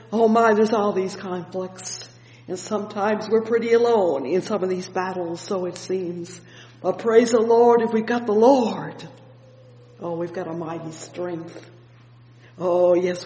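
A man preaching an evening sermon, explaining a psalm with fervent interjections of "oh yes" and "praise the Lord", reading scripture slowly and deliberately. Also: high-pitched, a little mellow. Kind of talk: evening sermon, Bible exposition. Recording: echoey hall with long reverb.

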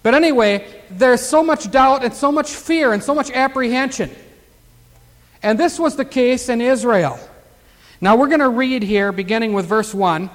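A man's voice: very high-pitched, moderate pace. An older man preaching a Bible teaching sermon in a folksy way, full of rhetorical questions and asides as he reads scripture aloud. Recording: long hall reverb.

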